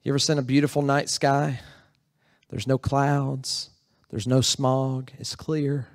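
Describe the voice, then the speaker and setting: A man of medium pitch delivers a sermon slowly and with little variation in tone, speaking conversationally and questioning the congregation as a pastor in a church sanctuary. It's a dry, clean studio recording.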